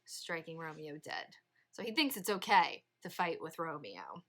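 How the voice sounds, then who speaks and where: A woman teacher leading a read-along literature lesson, explaining in a lively, chatty way. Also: deep voice, a little slow. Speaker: English teacher.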